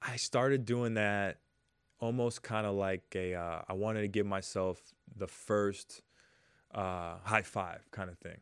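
A man in his forties, a former ballplayer, telling stories casually in an interview and loudly acting out the lines he quotes. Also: lowish voice, slow pace, clean tone, no echo, clean studio sound. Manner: animated storyteller, acts out quotes loudly. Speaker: former baseball player, guest.

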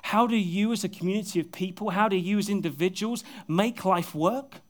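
Male pastor, higher-pitched, delivering an earnest sermon with soft, intimate drops and light self-mocking humor. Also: fairly quick. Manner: earnest, often dropping to soft, intimate tones; self-deprecating humor with bursts of laughter. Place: church service with a congregation.

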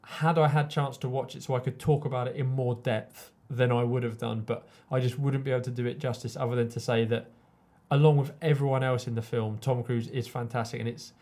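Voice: mid-range voice, steady tone, fairly quick, hardly any pauses, mellow. A co-host chatting casually about films in loose, rambling sentences. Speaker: podcast co-host. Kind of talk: casual film chat.

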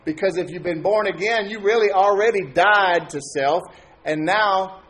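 A man preaching a sermon as pastor, talking to his congregation in a conversational way and asking them questions. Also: high voice.

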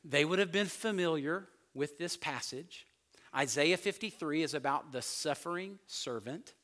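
A man's voice: on the high side, unhurried. A man preaching a sermon, reading scripture and acting out the voices of the disciples, sometimes dropping to a near whisper for emphasis. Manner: animated, acts out voices of the disciples. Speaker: pastor.

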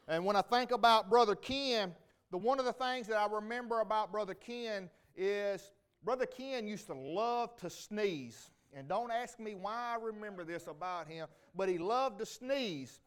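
A man's voice: high voice, moderate pace, fairly bright tone, clear, resonant tone. A middle-aged man giving a rambling, folksy homecoming testimony to a church congregation. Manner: folksy, rambling, with many restarts. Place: church sanctuary.

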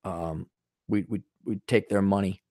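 A man's voice: low-pitched, steady tone, a little slow, warm tone, no echo, clean studio sound. A man hosting a solo podcast, ranting bluntly and scornfully with a lot of profanity, wandering off on tangents and restarting his sentences. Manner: loose, digressive, with frequent restarts. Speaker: podcast host.

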